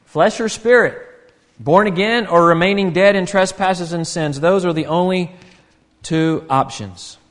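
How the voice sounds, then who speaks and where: Pastor in his 50s, earnest and chatty sermon, kinda high voice, lots of reverb like a big church. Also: measured pace. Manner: conversational, earnest, with frequent restarts.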